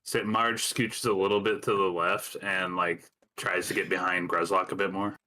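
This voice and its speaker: A man's voice: low-pitched, little pitch movement, moderate pace, bright, forceful tone, a little hiss or hum. A man chatting casually as a player in a tabletop game, wry and joking.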